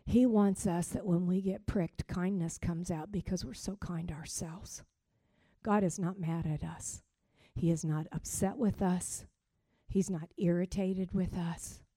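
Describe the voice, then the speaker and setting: A woman preaching a sermon, swinging from loud emphatic declarations to soft, almost whispered asides. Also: fairly low pitch, slightly rough, no room sound.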